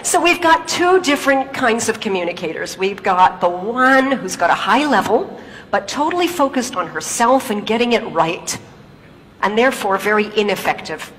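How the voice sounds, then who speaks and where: A woman's voice: mid-range voice, expressive, moderate pace, a bit bright, long reverb tail, poor audio. A woman giving a stage talk in her native English, telling stories and asking the audience rhetorical questions. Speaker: public speaker.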